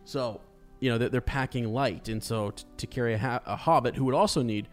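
A man's voice: mid-range voice, fairly quick, faint music behind. Man musing over a book with restarts. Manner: thinking aloud with many restarts and fillers. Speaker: podcast co-host. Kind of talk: casual book discussion with read-aloud passages.

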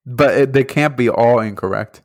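A man's voice: mid-range voice, moderate pace, no room sound, clean studio sound. Laid-back joking man with a lisp. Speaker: podcast co-host. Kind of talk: casual chat.

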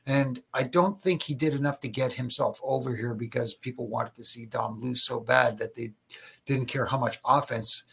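Speaking at normal speed with fairly even intonation, this middle-aged former wrestling referee swaps anecdotes in casual podcast talk. His mid-range voice has vocal fry, a fairly bright, slightly rough tone, and he often laughs and restarts his sentences with stammers.

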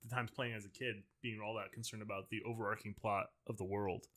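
A man's voice: on the low side, flat delivery, fairly quick, a bit bright. A man co-hosting a podcast in easygoing casual chat, laughing often. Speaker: podcast co-host.

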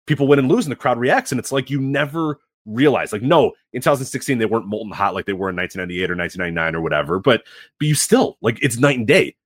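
A man talks quickly as a podcast co-host, his pitch swinging up and down as he rambles through animated stories. The recording is dry and close, with no room sound. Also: no room sound. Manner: animated, rambling storytelling with many fillers. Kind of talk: casual podcast chat.

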